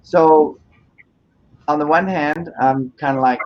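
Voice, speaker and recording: Male host, slow and hesitant, muffled recording. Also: a little high, steady tone, a little mellow. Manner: thoughtful, hesitant, many restarts. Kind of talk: casual discussion.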